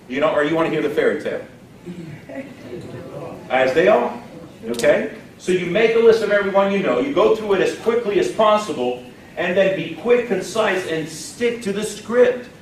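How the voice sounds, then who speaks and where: Folksy male trainer, high-pitched, heard from far back in a very echoey room. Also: a little hiss or hum. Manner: folksy, emphatic, quizzes the audience. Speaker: sales trainer. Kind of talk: live training seminar. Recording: echoey room, distant mic.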